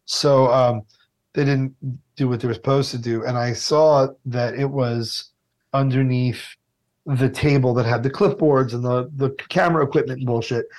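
Male TV food host, mid-pitched, a profane and animated raconteur. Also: normal speed. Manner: animated, swearing, acts out voices. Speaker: TV food show host, interview guest. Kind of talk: casual interview storytelling.

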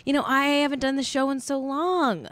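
A woman's voice: sits high, steady tone, moderate pace, a bit bright, dry recording. A woman hosting a casual live-streamed show, joking around and riffing playfully. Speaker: show host.

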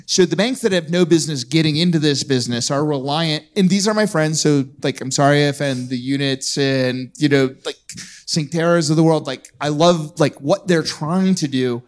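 A man's voice: a little high, normal speed. A man speaking bluntly and jokingly on a live podcast panel at a conference, throwing out provocative hot takes.

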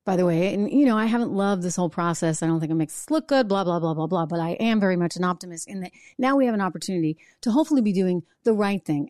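A woman hosting a political talk show, talking in a brisk, sarcastic, conversational way. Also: mid-range voice, dark tone, dry recording, clean studio sound. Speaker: political commentary host. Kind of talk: opinionated solo talk show.

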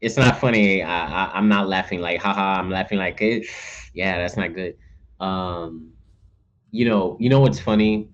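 Low-voiced guy rambling on a podcast, keeps restarting, muffled lo-fi sound. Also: normal speed. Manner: rambling, full of restarts and acted-out asides. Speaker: podcast co-host. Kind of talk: casual podcast chat.

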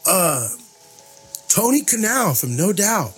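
Husky-voiced man chatting on a podcast. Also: sits high, big pitch swings, slow pace, faint music behind. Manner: chatty, stumbling self-corrections. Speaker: podcast co-host. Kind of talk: casual chat.

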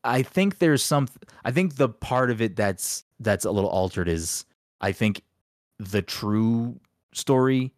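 A man's voice: mid-range voice, expressive, measured pace, no echo, studio quality. A man hosting a casual chat, hesitant and swearing often.

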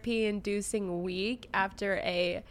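A woman's voice: medium pitch, steady tone, a little slow. A young woman co-hosting a podcast, speaking candidly and reflectively about her own feelings. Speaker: podcast co-host. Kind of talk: casual podcast chat.

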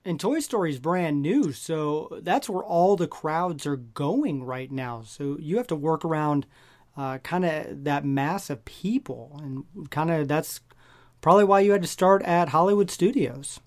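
Animated woman co-host acting out her reactions. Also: sits low, unhurried. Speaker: podcast co-host. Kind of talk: casual podcast conversation.

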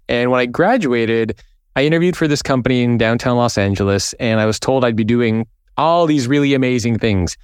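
A man, a podcast guest, telling a story from his own working life, lively and acting out the people he quotes. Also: mid-range voice, clear, resonant tone, no echo, studio quality. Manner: animated storyteller, acts out quoted voices.

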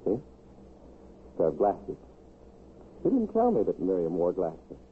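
A man's voice: deep voice, wildly swooping pitch, takes it slowly, exaggerated voice. An actor playing an unhinged, ingratiating young man and murderer in a 1950s radio drama, sly and wheedling. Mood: eager. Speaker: villain. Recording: tinny, hissy 1950s radio broadcast.

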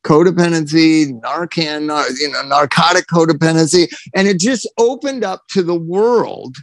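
A man co-hosting a casual talk show, telling profane, animated stories about drinking. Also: a little high, normal speed, no echo. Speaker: podcast co-host. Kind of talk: casual chat, storytelling.

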